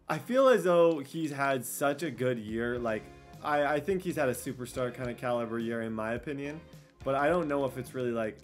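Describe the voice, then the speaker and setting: Excitable young man calling his game. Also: fairly high pitch. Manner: animated, shouts at plays, repeats himself. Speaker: video game streamer. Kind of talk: excited gameplay commentary.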